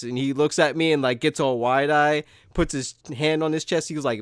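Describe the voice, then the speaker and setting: A man's voice: fairly high pitch, a little fast, few pauses, clean tone, no room sound, studio quality. A man hosting a podcast in casual chat, swearing freely, laughing often and filling his talk with "like" and "dude". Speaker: podcast host.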